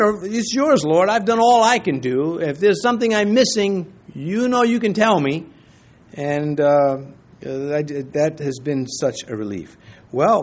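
A male pastor leading a casual Bible study, with a somewhat high voice. He drifts into playful asides and restarts his sentences, then settles back into reading verses aloud. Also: slightly rough. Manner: folksy, joking asides, many restarts. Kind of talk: conversational Bible teaching.

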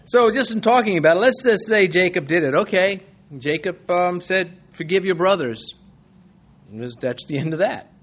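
A man's voice: high voice, animated, moderate pace, fairly bright tone. A man preaching an expository sermon in a conversational way, reading scripture and acting out quoted voices with the odd chuckle.

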